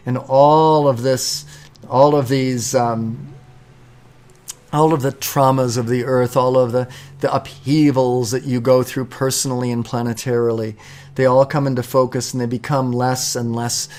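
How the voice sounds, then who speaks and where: A man leading devotional mantras and then talking slowly about meditation in a measured, devotional way. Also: mid-range voice, darkish tone. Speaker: mantra leader. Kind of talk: chanting mantras and spiritual talk.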